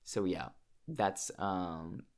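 A man's voice: sits low, drawn-out words, gravelly. A young man vlogging in a casual, emotional monologue, swearing often and restarting his sentences as he talks about his feelings.

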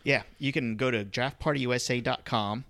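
A man's voice: medium pitch, brisk, creaky, dry recording, studio quality. A man co-hosting a fantasy football podcast, chatting casually and reading an ad with lots of fillers. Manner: relaxed, filler-heavy, conversational. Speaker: podcast co-host. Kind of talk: casual podcast chat with ad read.

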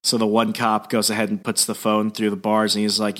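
A young man co-hosting a casual podcast, retelling a comic's plot and jumping into loud, high impressions of the characters. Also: monotone, a little fast. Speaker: podcast co-host recapping comics.

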